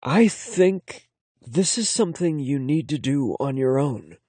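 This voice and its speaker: A man voicing a gentle, affectionate boyfriend who speaks softly and reassuringly in an audiobook. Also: on the high side, lively intonation, a little slow, no room sound, pitched above the performer's own voice. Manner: soft, warm, reassuring.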